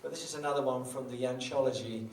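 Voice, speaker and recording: Older guitarist chatting from a roomy stage. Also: male voice, medium pitch, steady tone, quick pace, a little hiss or hum. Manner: chatty, self-mocking, rambling with joking asides. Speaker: guitarist performing live. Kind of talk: between-song stage banter. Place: small live music venue. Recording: roomy live venue, distant mic, guitar.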